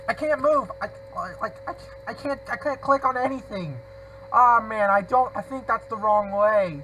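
High bright-voiced guy doing excited game commentary, mutters and says sorry a lot. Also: normal speed, slight background noise, low-quality recording. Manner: excitable, talks to himself and apologizes. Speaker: gamer. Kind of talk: gameplay commentary.

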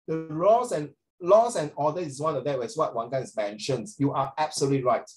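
A middle-aged man with a Singaporean English accent teaches social studies in a lively, teasing way. He is openly sarcastic and slips Mandarin phrases into his English. His speaking voice sits a bit higher than most men's. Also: brisk, low-quality recording. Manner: animated, joking, sarcastic. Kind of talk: classroom teaching.

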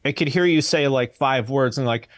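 A blunt American man chats as a podcast guest, swearing casually. His voice sits at an average pitch, recorded close and dry with no room sound. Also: normal speed, dry recording. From United States. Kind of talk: casual chat.

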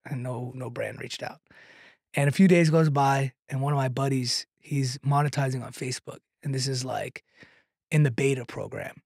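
A man, a comedian and content creator, telling a long anecdote in a podcast chat, animated and tagging lines with "right?", laughing now and then. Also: medium pitch, moderate pace, gravelly, slightly rough, dry recording, studio quality. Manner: laughs through his own story.

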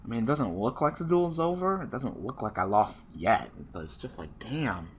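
A man's voice: mid-range voice, normal speed, a little hiss or hum. A man giving casual live commentary on his online card game match, swearing freely and talking at his opponent. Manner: profane, excitable, talks to his opponent.

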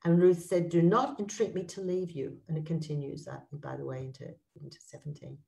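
Woman teacher with a low voice, leading a text study lesson, slow reading and thoughtful commentary. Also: steady tone, creaky, warm tone, recorded from a distance, rough recording. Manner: reads verses aloud slowly, then comments with frequent restarts. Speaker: Bible teacher.

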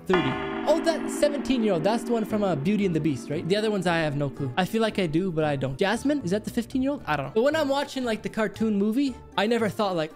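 A man's voice: high voice, big pitch swings, fast talker, hardly any pauses, faint music behind. A young man from Canada rambling casually through a reaction video, with mock-shocked outbursts.

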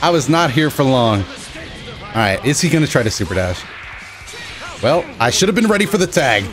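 A young man giving excitable, joking commentary over his own fighting-game matches, yelling at big moments. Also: mid-range voice, normal speed. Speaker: gaming channel host. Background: game music.

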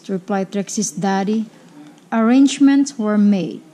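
Woman reading a kids book out loud, super slow, soft mellow voice. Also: fairly high pitch. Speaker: storybook reader. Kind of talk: reading a children's picture book aloud.

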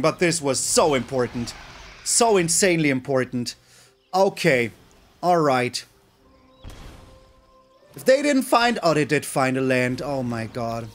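Animated high-pitched male game commentator. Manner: animated, exclaims and groans at plays. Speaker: gaming channel host. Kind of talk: live gameplay commentary.

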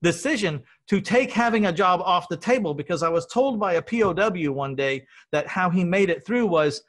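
A middle-aged man from Texas talks through his story in casual conversation. He sounds earnest and a little rambling, and he restarts his sentences as he goes. His voice sits slightly high for a man. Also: expressive, normal speed, fairly bright tone. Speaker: podcast host telling his story.

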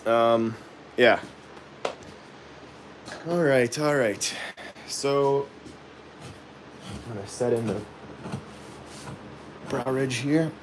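A man's voice: mid-range voice, a little hiss or hum. Chatty man hosting a live carving demo. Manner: thinks aloud with many pauses and fillers; chuckles often, jokey and self-deprecating. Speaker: woodcarving livestream host.

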